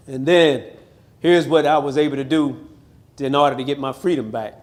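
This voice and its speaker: A man's voice: medium pitch, steady tone, normal speed. A man of around sixty from Missouri, a pastor giving a live testimony talk in a chapel with emphatic, preacher-like storytelling. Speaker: pastor telling his life story.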